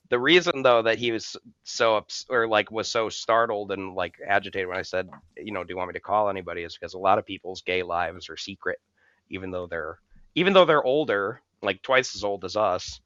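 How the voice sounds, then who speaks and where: A young podcast co-host tells his co-hosts a rambling, profane story, swearing freely and chuckling as he goes. His voice is bright, clean, and on the low side, recorded close to the mic and dry with no room sound, though the audio is slightly dull and muffled.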